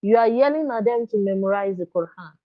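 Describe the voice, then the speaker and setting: This woman's medium-pitched, animated voice moves briskly as she coaches parents during a live online workshop. Earnest and coaxing, she keeps checking in with "you understand?" over dull, dry, lo-fi sound.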